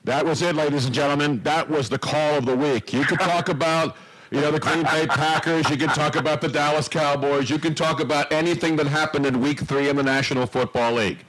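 A man's voice: a little high, steady tone, brisk, a bit bright, poor audio. A man hosting a casual podcast, talking emphatically and repeating phrases for effect. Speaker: host.

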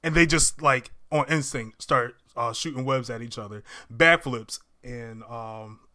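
A man with a bright, forceful voice chats through a movie recap. He is animated and slips into the characters' lines as he retells each scene. His pitch sits in the middle of the range. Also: measured pace. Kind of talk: casual movie recap chat.

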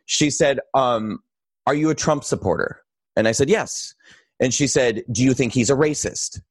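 Man guest telling a story, gets animated doing the quotes, lots of likes, dry mic. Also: medium pitch, normal speed, dry recording. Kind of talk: casual storytelling conversation.

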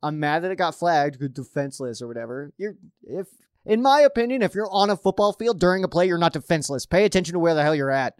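A young man hosting a casual fan stream, reading viewer questions and riffing on them in a rambling way that builds into excited outbursts. His voice sits a little high for a man and sounds dry and close, with no room around it. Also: fast talker, clear, resonant tone, no echo. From Colorado. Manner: excitable, rambling, gets worked up. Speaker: fan show host answering viewer questions. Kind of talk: casual livestream chat.

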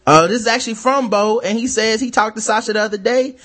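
A man hosting a podcast, chatting casually and swearing freely. His voice sits a little high for a man. He fills his pauses with plenty of ums and uhs. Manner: relaxed, profane, many ums and uhs. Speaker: podcast host. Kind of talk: casual chat.

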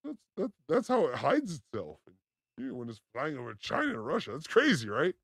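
A man co-hosting a video reaction show in casual chat, given to loud excited outbursts and crude jokes. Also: mid-range voice, fairly quick, heavy background noise.

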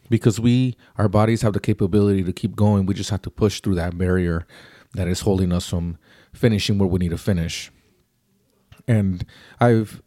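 A man's voice: low-pitched, mellow, dry recording, clean studio sound. A man giving a casual, rambling spoken book review, often repeating himself and restarting sentences.

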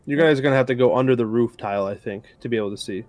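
A man running a tabletop game as game master, relaxed and hesitant with frequent ums. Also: mid-range voice, racing, a crowd in the background.

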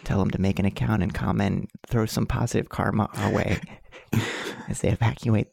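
A man co-hosts a comedy podcast in a mock-ASMR hush, whispering and giggling through jokes. His voice is gravelly and husky, and the sound is dry and close. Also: on the low side, steady tone, moderate pace, no echo. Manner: hushed whispering, giggly, joking. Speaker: podcast co-host.

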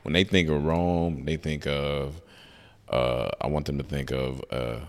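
A comedian appearing as a guest tells a personal story in casual conversation, acting out the voices of the people involved as an animated storyteller. His voice is extremely low, and he speaks at a measured pace.

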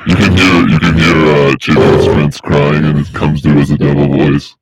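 A man's voice: rumbling low, flat delivery, normal speed, hardly any pauses, heavy background noise. A man riffing goofily on a podcast, drifting into silly tangents and bits. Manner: goofy, bursts into singing and laughing riffs. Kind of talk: rambling comedic riffing.

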